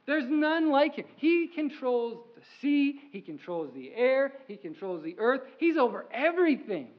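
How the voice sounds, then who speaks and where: A pastor voicing an earnest older Moses. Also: male voice, very high-pitched, very animated, a little slow, full character voice. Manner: earnest first-person retelling. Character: Moses, older man telling of hard journeys. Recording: slightly muffled sermon audio.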